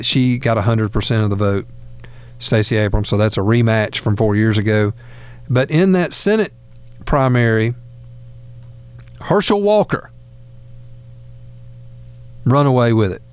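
A man's voice: on the low side, clean tone. A man hosting a talk radio show, chatting casually with fillers and restarts. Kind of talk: conservative talk radio chat.

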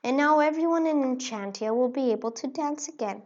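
A woman voicing a brave, kind male nutcracker hero in a storybook, gentle and earnest. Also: sits high, a little fast. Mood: grateful. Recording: dull lo-fi recording.

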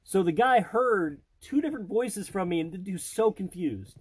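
A man in his thirties, a podcast host and father, telling stories in animated, casual chat, slipping into voices and laughing. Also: sits high, moderate pace, slightly rough, poor audio.

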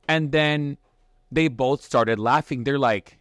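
A man, a chef and podcast host telling a kitchen story in casual chat, profane and animated, with many restarts and acted-out quotes. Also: mid-range voice, moderate pace, dry recording, clean studio sound.

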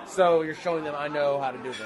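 A man's voice: fairly high pitch, quick pace, crowd noise. A man in his thirties, a guest actor telling rambling, self-deprecating stories in a casual interview.

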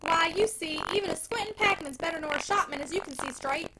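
A woman voicing a cheeky country packman who flatters in rustic dialect. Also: high-pitched, a little fast, vocal fry, very noisy, exaggerated voice. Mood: wheedling. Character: sly flattering rural packman, cheeky young man.

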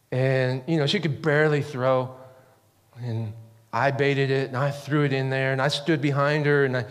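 A middle-aged man preaching a sermon, telling stories in an animated way and acting out loud quoted yells. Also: big-room sound. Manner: animated, acts out quotes with sudden high yells. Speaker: pastor. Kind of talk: sermon storytelling.

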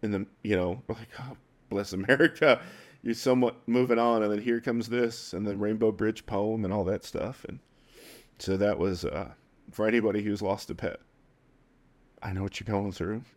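A man with a fairly low voice speaks haltingly as he tells a personal story. He is close to tears and his words keep breaking off and starting again. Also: steady tone. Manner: tearful, halting, with soft laughs. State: crying at times. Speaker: guest.

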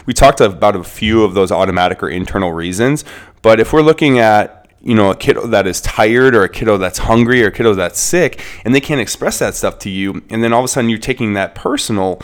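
A man's voice: on the low side, expressive, fast talker. A man in his thirties co-hosting a parenting podcast, explaining child behavior in a conversational way. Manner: explanatory, conversational, reasons aloud. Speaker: podcast co-host.

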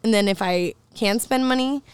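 A woman's voice: medium pitch, moderate pace, smooth, no echo. A young woman chatting casually as a podcast guest, laughing often and swearing freely. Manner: laughing, swearing, loose and playful. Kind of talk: casual chat.

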